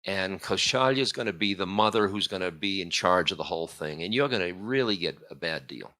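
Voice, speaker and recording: A man's voice: deep voice, lively intonation, fairly quick, bright, forceful tone. A man voicing a spiteful, scheming servant woman in an urgent, insinuating way during a storytelling lecture.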